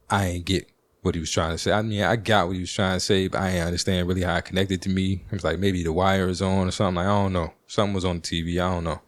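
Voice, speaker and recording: Speaking low and deep, this Washington, D.C. podcast host rambles through a casual story full of slang and fillers. The audio is close and dry, with no echo or room sound.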